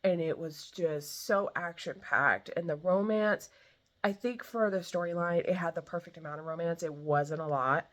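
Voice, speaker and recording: Young woman, vlogger, bright voice, lowish pitch, casual rambling book chat, enthusiastic. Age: young adult. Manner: enthusiastic, rambling, filler-heavy.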